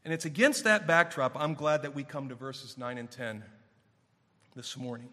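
A man preaching a sermon to his congregation, stressing key words and shifting between quiet and forceful passages. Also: moderate pace, long reverb tail. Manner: emphatic, building to raised intensity then dropping low. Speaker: pastor.

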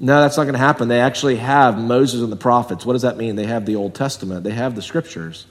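A man's voice: medium pitch, quick pace, in a large hall. A man preaching an expository sermon, emphatic and acting out the voices he quotes. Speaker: pastor.

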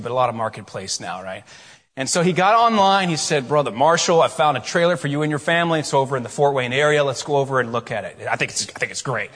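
A middle-aged man preaching a sermon, telling a story with quiet asides and loud, rising questions. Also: medium pitch. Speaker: pastor. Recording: long hall reverb.

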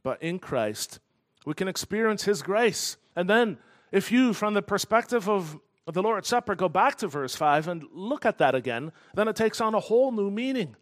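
A man preaching a sermon in an earnest, emphatic way, slowing down to stress key phrases. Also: high-pitched, lively intonation. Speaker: pastor.

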